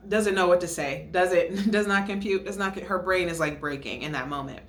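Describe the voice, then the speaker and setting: A young woman hosting a casual recap, lively and quick to laugh, acting out what others said in a higher voice. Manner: animated, acts out quotes in a higher voice, laughs often. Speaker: podcast host reviewing a reality show. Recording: echoey room.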